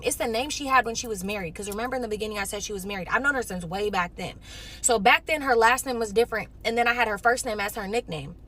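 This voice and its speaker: A young woman from Los Angeles, telling a casual storytime monologue in an animated way, acting out the other people in her story. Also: a little high. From Los Angeles, California.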